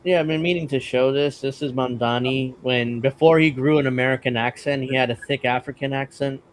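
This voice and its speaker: A man's voice: medium pitch, steady tone, brisk, a little hiss or hum. A man co-hosting a casual political chat show, chatty and wry with some hesitation. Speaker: co-host.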